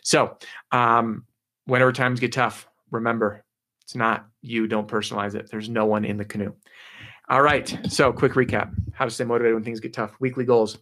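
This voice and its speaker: A man's voice: mid-range voice, a bit bright. A man hosting a live motivational talk for salespeople, talking casually and upbeat, with lots of fillers and restarts.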